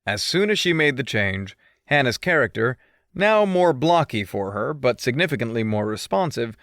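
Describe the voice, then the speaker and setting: A man's voice: mid-range voice, big pitch swings, moderate pace, fairly bright tone, no echo, clean studio sound. A male audiobook narrator reading a first-person story with a mischievous, teasing manner.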